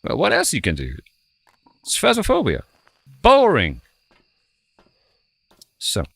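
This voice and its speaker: Man with a wildly swinging pitch. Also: wildly swooping pitch, slow pace, vocal fry, fairly bright tone, husky, no room sound. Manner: playful, self-mocking, muttering to himself. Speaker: streamer playing a ghost-hunting game. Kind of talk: casual gameplay commentary. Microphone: headset.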